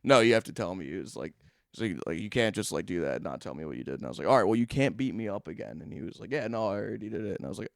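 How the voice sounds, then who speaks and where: A man's voice: on the low side, rapid-fire, vocal fry, no echo, studio quality. A young man co-hosting a podcast, telling stories in a casual chat, laughing often and swearing freely. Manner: laughs through his stories, profane and animated. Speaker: podcast co-host. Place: podcast studio. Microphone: studio microphone.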